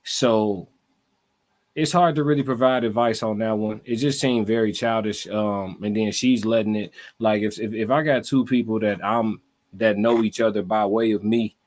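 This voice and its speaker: Brief: male streamer, lowish voice, relaxed and blunt commentary. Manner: laid-back, blunt, profane. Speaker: live-stream host. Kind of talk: casual reaction commentary.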